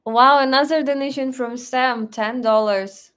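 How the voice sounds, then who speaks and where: A young Russian woman with a Russian accent hosts a relaxed live stream from home. She talks slowly in a fairly high voice. She is chatty, laughs often and fills gaps with "like" and "uh.". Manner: chatty, laughs often, thinks aloud with fillers. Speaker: livestream host. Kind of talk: casual live-stream chat reading comments. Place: home in Moscow.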